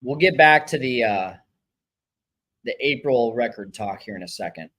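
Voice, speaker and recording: Reacting to a baseball game on his live watch-along stream, this excitable host cheers, complains about players, and reads viewers' chat messages and names aloud. He speaks at a normal speed in a mid-range voice on a rough recording.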